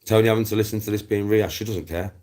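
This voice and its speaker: Speaking very fast with a steady tone, the Black Country YouTuber from Smethwick has a voice on the low side with a darkish quality. He rants casually to viewers, bluntly and with plenty of swearing, going over the same ground as laughs break in.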